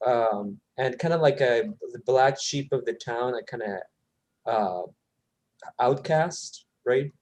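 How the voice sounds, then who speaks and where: A man's voice: mid-range voice, animated, slow, darkish tone. Man chatting casually about a book. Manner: conversational, checks in with tag questions.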